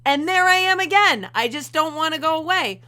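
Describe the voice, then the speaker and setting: Bright chatty woman livestream host. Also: sits high, expressive, moderate pace. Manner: chatty, giggly, fumbling with tech. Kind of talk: casual livestream chat.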